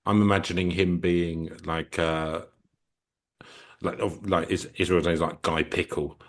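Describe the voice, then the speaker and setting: A man's voice: low voice, flat delivery, a little slow. A man co-hosting a comedy podcast, riffing jokes in a rambling, hesitant way. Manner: rambling, hesitant, joking riffs. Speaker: podcast co-host. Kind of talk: casual comic banter.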